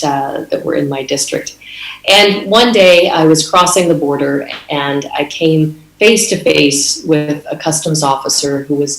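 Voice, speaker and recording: A woman's voice: low voice, echoey room, rough recording. A middle-aged woman from Canada telling a story in an earnest conference speech, with fillers and restarts. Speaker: conference speaker.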